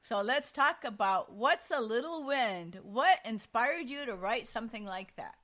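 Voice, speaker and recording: Female talk host, slightly high voice, short encouraging interjections. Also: lively intonation, measured pace, sharp tone. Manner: brief affirming interjections, simple questions.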